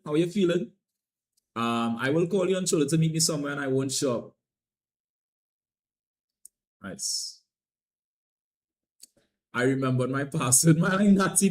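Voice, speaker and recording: Loose and playful, this young Trinidadian-accented man hangs out on a live stream, saying lines more than once. His energy jumps from loud hype down to quiet mumbles.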